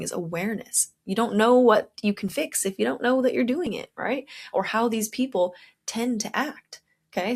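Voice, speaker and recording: Casual self-help podcast woman. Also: medium pitch. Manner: warm coaching tone, addresses listener directly with "okay?"; acts out inner voices in quotes. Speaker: podcast host.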